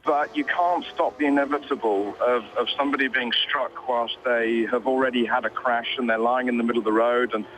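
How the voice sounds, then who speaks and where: British motorsport commentator on a radio line. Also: male voice, mid-range voice, fairly even intonation, brisk, few pauses, a bit bright, slight background noise, low-quality recording. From Britain. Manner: conversational, with restarts. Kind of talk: news interview.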